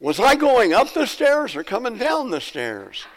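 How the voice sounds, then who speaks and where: A man voicing a forgetful ninety-four-year-old sister who yells in a high voice. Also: big pitch swings, unhurried, rough recording. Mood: confused.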